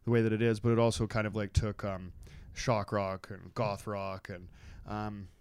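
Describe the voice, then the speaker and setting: A man's voice: on the low side, level tone, moderate pace, darkish tone, clean tone. A man co-hosting a casual podcast, rambling with lots of fillers and joking around with swearing. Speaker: podcast co-host. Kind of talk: casual chat.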